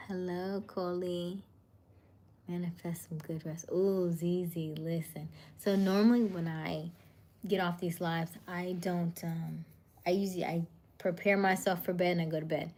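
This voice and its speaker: A woman in her thirties hosting a casual livestream, reading viewer comments in a soothing voice and often dropping to a soft murmur. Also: fairly low pitch. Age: 30s. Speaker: livestream host.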